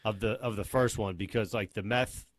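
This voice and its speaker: A man's voice: on the low side, steady tone, normal speed, dry recording. A man co-hosting a podcast in casual chat, laid-back and asking short questions.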